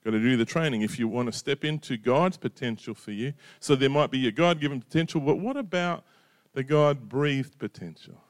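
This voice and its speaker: A middle-aged man preaches in a relaxed, conversational way, often checking in with his listeners. His voice sits at an ordinary middle pitch. The sound is dry and close, with no room echo. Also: brisk. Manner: conversational, drops in "right?" and "you know". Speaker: pastor. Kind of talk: sermon.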